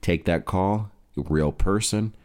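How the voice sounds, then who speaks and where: A man's voice: low voice, takes it slowly, darkish tone. A man co-hosting a podcast, telling rambling, profane stories in casual chat. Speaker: podcast co-host.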